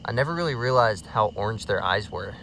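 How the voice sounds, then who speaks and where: A man's voice: on the low side, lively intonation, brisk, a bit bright, a little hiss or hum. A man casually narrating as he finds snakes on a rural road at night, chatty and easygoing. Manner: easygoing, chatty, fond of the animals. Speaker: field herping vlogger.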